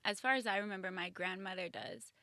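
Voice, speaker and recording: A young woman chatting earnestly on a talk show, animated when quoting others. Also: medium pitch, a little fast, a crowd in the background. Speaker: guest. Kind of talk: casual podcast chat.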